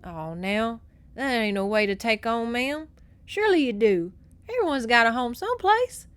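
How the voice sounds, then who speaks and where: A woman voicing a tender-hearted, rough-spoken male horseman with a folksy manner. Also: a little high, big pitch swings, normal speed, fairly bright tone, no room sound. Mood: gentle.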